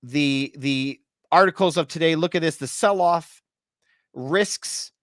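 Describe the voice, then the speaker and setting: Slow and a little high, with a fairly bright tone, this man's voice comes through a dry, clean studio recording. He comments on real estate and markets, explaining the economy in a chatty monologue built on rhetorical questions, addressing viewers as "you guys" and laughing briefly at points he finds absurd.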